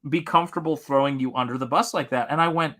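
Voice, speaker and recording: A man from Tennessee hosting a live art stream, telling a story in a casual, animated way with frequent laughs and swearing. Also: mid-range voice, fast talker. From Tennessee, USA.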